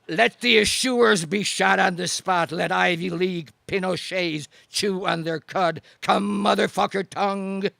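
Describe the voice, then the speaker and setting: A man's voice: on the high side, gravelly, a bit bright, dry recording. A man reading his performance poetry at an open mic, in a rhythmic, chanting delivery full of repeated refrains. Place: open mic night at a venue.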